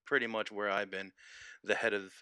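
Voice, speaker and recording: An easygoing young man chats as a guest over a video call, laughing often. His voice is bright and crisp. The sound is dry and close. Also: lowish voice, level tone, normal speed, dry recording. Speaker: podcast guest. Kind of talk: casual video chat.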